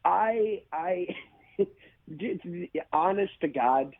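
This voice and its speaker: A man being interviewed as an actor over a video call, telling stories animatedly with quick restarts and laughs, in a gravelly voice. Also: high-pitched, animated, no room sound, phone-quality sound.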